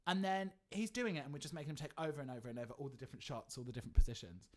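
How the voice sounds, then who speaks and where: A woman co-hosting a podcast, telling an animated story in casual chat, swearing freely and saying like a lot. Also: low voice, racing. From England. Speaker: podcast co-host.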